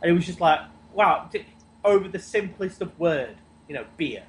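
A man's voice: sits high, animated, moderate pace, slight background noise, rough recording. A man on a podcast call telling a long, rambling anecdote, tripping over repeated words. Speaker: podcast co-host. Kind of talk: casual chat. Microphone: Skype call.

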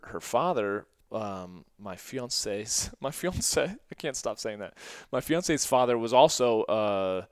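Smooth low-voiced man telling a story. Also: no room sound, clean studio sound. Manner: rambling, many "like" fillers and restarts; earnest and emotional. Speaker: podcast host. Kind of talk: personal storytelling.

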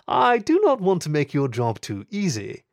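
A man voicing a sly, aristocratic female husky thief with a smooth, teasing voice. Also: on the high side, huge pitch swings, no room sound, clean studio sound, pitched above the performer's own voice, exaggerated voice. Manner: teasing, unhurried.

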